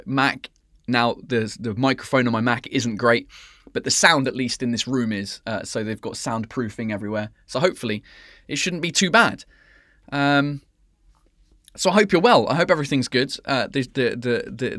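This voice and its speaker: This comedian and podcast host runs a casual live-stream chat show, rambling cheekily, swearing freely and drifting in and out of French. His voice is medium in pitch with a fairly bright tone, captured in a dry, studio-quality recording.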